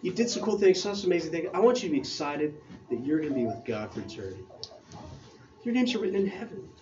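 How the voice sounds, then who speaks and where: A man preaching a casual, excited sermon, talking with slang and restarting his phrases as he reads scripture. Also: on the high side, quick pace, lo-fi sound, a little hiss or hum.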